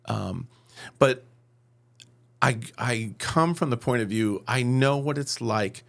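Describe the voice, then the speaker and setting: A man's voice: medium pitch, slow, vocal fry. A man in his fifties from upstate New York, a podcast guest telling personal stories and acting out what people said. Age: 50s. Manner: animated storyteller who acts out quotes. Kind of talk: personal storytelling.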